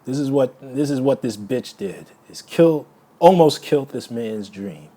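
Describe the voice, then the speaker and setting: A man's voice: medium pitch, expressive, measured pace, dark tone. A man giving a heated solo video rant. He repeats words and restarts phrases as he gets emotional. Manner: angry, insulting, repeats words. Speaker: vlogger.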